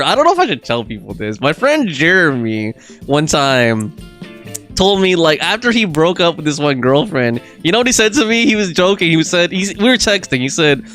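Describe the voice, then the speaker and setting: A young man hosts a casual game stream, reading dialogue and viewer comments aloud between his own jokes. His slightly high voice leaps all over the place, and he breaks into laughter often. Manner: animated, laughs often, reads game text and chat aloud.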